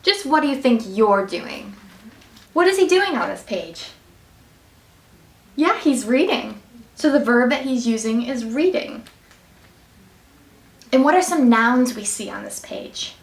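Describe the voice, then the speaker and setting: A woman with a fairly high, bright voice guides children through a story lesson, asking questions and cheering right answers. Her voice reaches the mic from a distance and rings around an echoey room. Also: animated, a little slow, creaky, long pauses. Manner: bright, encouraging teacher voice with a singsong lilt. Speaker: student teacher reading a picture book. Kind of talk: reading aloud and quizzing children on grammar.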